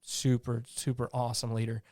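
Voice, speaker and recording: A man with a medium-pitched voice speaks briskly as an interview guest, an army veteran telling blunt, salty stories in a casual way. He animatedly acts out what he and others said back then. The sound is studio quality with no echo.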